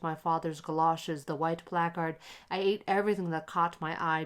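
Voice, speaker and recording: Low-voiced woman reading a story calmly. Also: clean tone. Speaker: narrator.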